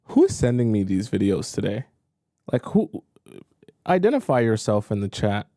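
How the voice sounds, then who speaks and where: Mellow-voiced man giving chatty dating commentary. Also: on the low side, very animated, moderate pace, dry recording, clean studio sound. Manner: playful, chatty, teasing asides. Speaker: dating coach reacting to clips. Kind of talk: casual commentary.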